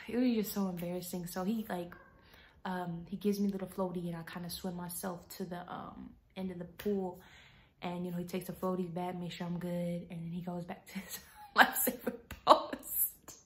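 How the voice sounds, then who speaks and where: A young woman telling a story to her viewers, talking to them casually and dramatically, and often dropping to a hushed whisper. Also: lowish voice, flat delivery, moderate pace, slight background noise. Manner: chatty, addresses viewers as y'all.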